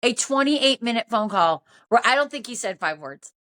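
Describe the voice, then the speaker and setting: A woman's voice: a little high, moderate pace. A woman in her fifties, a podcast host telling a story in casual chat and acting out the dialogue. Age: 50s. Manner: animated, acts out quoted dialogue.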